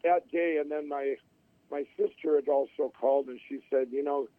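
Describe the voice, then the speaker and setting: A man's voice: fairly high pitch, steady tone, normal speed, dry recording. A middle-aged man telling his life story in an interview, rambling with restarts and acting out what others said. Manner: rambling, with many restarts and acted-out quotes. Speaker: interview guest. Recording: tinny phone-line audio.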